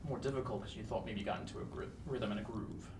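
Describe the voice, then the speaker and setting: Rapid, rambling interviewer, off-mic in an echoey room. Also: medium pitch, steady tone, distant mic, noisy background. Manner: rambling questions, fillers, bursts of laughter. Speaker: entertainment interviewer. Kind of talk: casual press interview.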